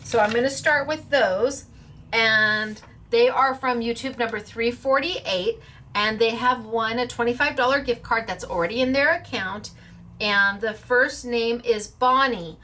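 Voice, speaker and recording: A woman's voice: a little high, measured pace, sharp tone. A woman hosting a craft show in casual chat, bubbly and playful as she announces giveaway winners. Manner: bubbly, playful, stumbles over names with laughs.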